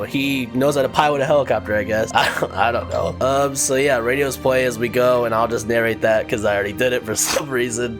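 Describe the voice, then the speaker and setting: A man gives a casual, offhand recap of a game's plot. His delivery is sarcastic and unimpressed, in the manner of a relaxed commentary vlog. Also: mid-range voice, a little fast, few pauses, over music. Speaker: video game recap host.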